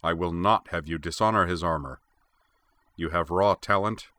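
A man's voice: low-pitched, moderate pace, pushed and bright, no echo. A man voicing a big, stern older male warlord who growls commands at his young student.

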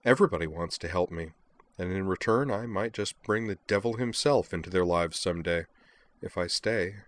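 A man's voice: low-pitched, moderate pace, close to an everyday voice. A man reading a frustrated young woman's lines in a story, lifting his voice a little for her.

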